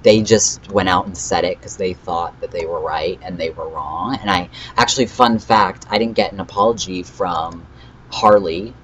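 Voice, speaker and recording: A teenage boy with a low voice rambles through a storytime vlog, filling gaps with "um" and reading chat messages in a flat tone. The recording sounds slightly dull and muffled. A faint hiss sits under the voice. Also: moderate pace. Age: teens. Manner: rambling, reads out chat messages flatly, frequent fillers. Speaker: vlogger. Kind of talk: casual storytime recap.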